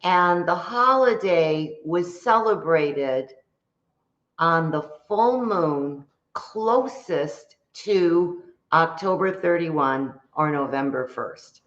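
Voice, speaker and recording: A woman guest, an author, explaining at a slow and deliberate pace and repeating points for emphasis. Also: lowish voice, lively intonation, fairly bright tone, reverberant, lo-fi sound. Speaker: guest author and metaphysical practitioner. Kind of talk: explanatory interview talk.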